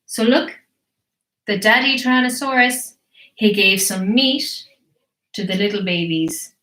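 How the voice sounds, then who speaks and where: Woman teacher, slow and bright, animated storytelling for kids in an echoey room. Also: mid-range voice. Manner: animated, slow and encouraging, asks questions. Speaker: English teacher reading to children.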